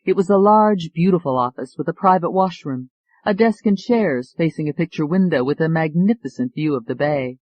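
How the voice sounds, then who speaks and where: A man reading an audiobook as narrator, measured and even. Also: on the high side, dry recording, muffled recording. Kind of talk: scripted narration.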